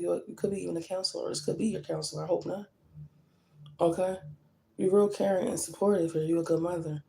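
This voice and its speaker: A woman's voice: on the low side, gravelly, noisy background. A woman tarot reader talking straight to her viewers, blunt and emphatic, often checking in with "okay?" and "like I said". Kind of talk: tarot reading to camera.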